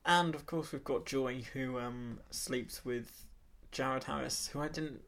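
A man's voice: mid-range voice, steady tone, takes it slowly, creaky, fairly bright tone. A man co-hosting a podcast, casually recapping a film's plot and laughing often. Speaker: podcast co-host. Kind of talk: casual film chat.

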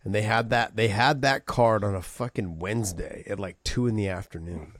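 A man co-hosting a podcast as a former fighter, telling stories in a casual, profane, animated way full of fillers. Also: on the low side, moderate pace, dry recording, studio quality. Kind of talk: casual chat.

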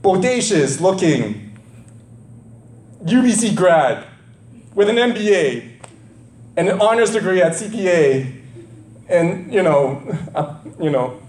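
A high, whiny Moses begs and complains, as a preacher puts him on. The pleading voice swoops up and down in an echoing room. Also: male voice, big pitch swings, slow pace, long pauses, a little mellow, heavily acted. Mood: whining. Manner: whining, pleading, exaggerated. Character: whiny pleading Moses, older man, begging.

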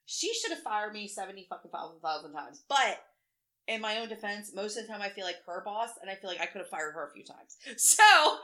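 Woman, 40s, podcast co-host; bright, forward voice; blunt, profane storyteller who acts out quotes. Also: mid-range voice. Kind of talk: casual chat.

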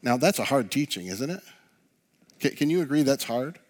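A male pastor delivers an earnest sermon in a mid-range voice. He often drops to a soft hush on key words. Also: medium pitch, animated, moderate pace.

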